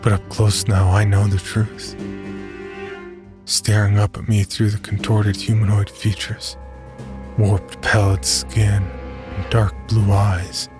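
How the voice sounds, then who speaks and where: A man with a deep voice tells a horror story in the first person, keeping his delivery grim and measured. His tone stays low and flat. Music plays clearly beneath his narration.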